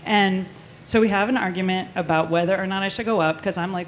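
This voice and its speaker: A woman telling a true spooky story live on stage, animated and swearing, laughing often. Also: lowish voice, fast, a little hiss or hum.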